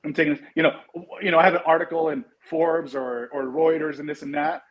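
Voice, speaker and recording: A man's voice: a little high, fast talker, highs cut off. A middle-aged man from Los Angeles, a guest actor and producer, telling stories in casual interview chat and acting out the lines he quotes. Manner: animated storyteller, acts out quotes.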